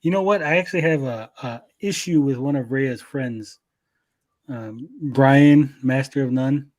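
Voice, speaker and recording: A man's voice: medium pitch, measured pace, darkish tone. A man hosting a casual stream chat, laid-back and reading chat comments aloud with casual swearing. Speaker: podcast host.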